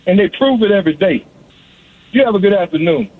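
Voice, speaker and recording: Male caller, high voice, phone-line audio, rapid repetitive rant. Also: animated. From South Carolina. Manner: fast-talking, repetitive, addresses host by name constantly. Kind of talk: sports call-in rant.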